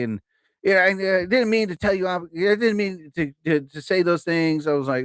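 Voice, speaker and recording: A man's voice: high voice, moderate pace, clear, resonant tone, no echo. A man in his fifties telling stories on a live stream in a casual, chatty way, laughing at his own jokes. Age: 50s.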